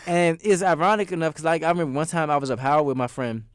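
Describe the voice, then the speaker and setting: A man's voice: on the high side, quick pace, clear, resonant tone, dry recording, studio quality. A young man from DC, co-hosting a podcast and rambling through stories in casual, slangy chat. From Washington DC. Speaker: podcast co-host.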